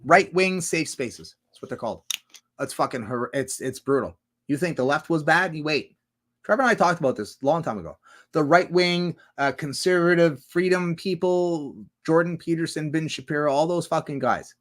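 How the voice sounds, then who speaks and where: A man's voice: a little high, lively intonation, normal speed. A man rambling through a livestream monologue, swearing a lot and firing off rhetorical questions. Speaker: streamer.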